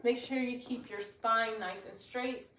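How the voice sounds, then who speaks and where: A woman leading a casual guided yoga class at home, giving relaxed cues with joking asides. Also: a little high, unhurried. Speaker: yoga instructor. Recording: echoey room, mic far off, faint noise.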